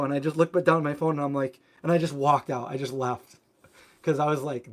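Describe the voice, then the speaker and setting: A man's voice: fairly high pitch, fairly even intonation, fast. A man hosting a cooking channel, chatting casually on a live stream and answering viewer comments in a rambling way, full of filler words. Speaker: vegan cooking channel host.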